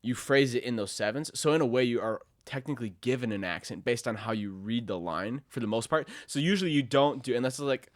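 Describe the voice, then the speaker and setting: A man's voice: medium pitch, fast, few pauses, dry recording, studio quality. A young man hosting a podcast in casual chat, rambling and laid-back with lots of fillers. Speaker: podcast host.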